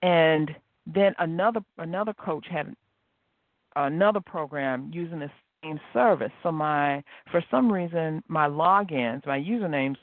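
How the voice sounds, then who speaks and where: A man's voice: fairly high pitch, a little slow, no echo. A man hosting a motivational podcast, telling stories with animation and acting out the quoted dialogue. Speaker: podcast host. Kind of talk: motivational solo podcast talk. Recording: dry, tinny phone-like line.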